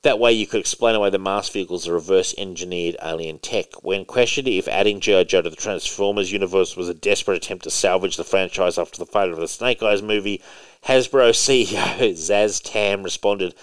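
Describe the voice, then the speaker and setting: A man's voice: sits low, fairly quick. A man co-hosting a casual podcast about comics and movies, rambling and emphatic, swearing now and then. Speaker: podcast co-host.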